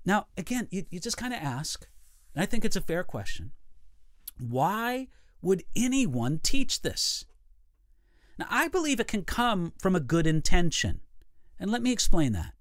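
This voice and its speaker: A man, a pastor, giving a measured, emphatic teaching talk with repeated phrases for emphasis. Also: high-pitched, big pitch swings, fairly bright tone, no echo, studio quality. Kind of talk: teaching a livestream Bible talk.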